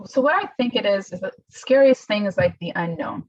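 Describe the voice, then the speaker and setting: A young adult woman, a podcast guest, telling her story in a halting, emotional way and acting out what others said. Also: mid-range voice, no echo, dull audio. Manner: emotional, halting, quotes others in lively voices. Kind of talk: casual interview storytelling.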